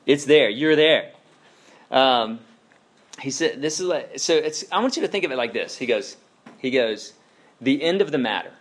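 A man in his thirties delivers a sermon in a loose, conversational way, leaning on asides and questions to the room. His pitch sits in an ordinary middle range for a man. He slips easily into retelling and storytelling as he preaches. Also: lively intonation, moderate pace, long pauses. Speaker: pastor.

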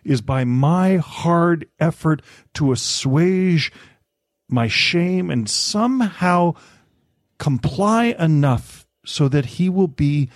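A man speaking as a podcast guest, animated, often stammering and restarting words. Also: fairly high pitch, slow, no echo, studio quality. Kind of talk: podcast conversation.

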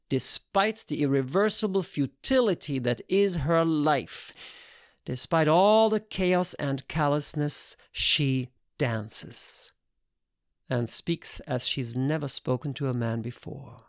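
A man narrating a literary audiobook in a measured, low-key way. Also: vocal fry, no echo, clean studio sound.

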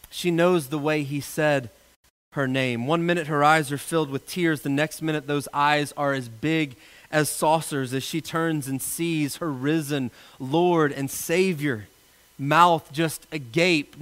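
Animated male pastor preaching a sermon. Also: fairly high pitch. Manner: animated storyteller, jokes with congregation.

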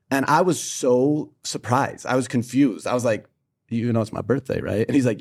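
A man's voice: medium pitch, fairly quick. Young man telling a story. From Pennsylvania. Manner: storytelling, animated. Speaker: podcast co-host. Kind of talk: casual faith podcast chat.

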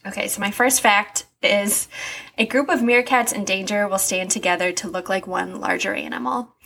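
A woman's voice: medium pitch, normal speed, gravelly, a bit bright, slightly rough. A young woman co-hosting a podcast, earnest and self-deprecating in a casual chat. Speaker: podcast co-host.

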